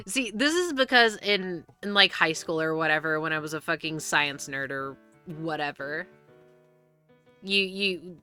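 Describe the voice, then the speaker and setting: A woman's voice: low-pitched, bright, forceful tone, clear, resonant tone. A young woman streaming live, chatting casually and rambling with frequent restarts and free swearing.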